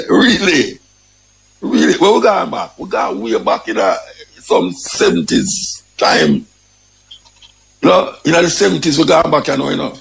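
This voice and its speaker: A man's voice: on the high side, expressive, normal speed, gravelly, poor audio. A man with a Jamaican accent giving emphatic spoken commentary, repeating his points and often saying "you know".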